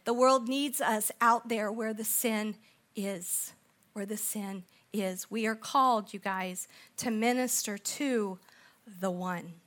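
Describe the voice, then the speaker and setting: A middle-aged woman preaching a storytelling sermon, animated and acting out the people in her story, then dropping to soft, intense tones. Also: medium pitch, slow pace. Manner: animated, acts out quoted voices, drops to soft intense tones.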